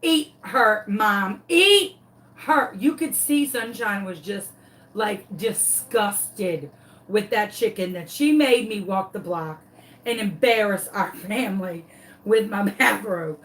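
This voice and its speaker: A woman, hosting a craft tutorial and telling a story to her viewers in a dramatic, animated, casual way. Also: mid-range voice, slow pace.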